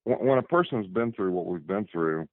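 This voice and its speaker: Deep-voiced man on a tinny phone line. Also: animated, no echo. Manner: halting, repeats words while thinking. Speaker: guest. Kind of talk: casual conversation.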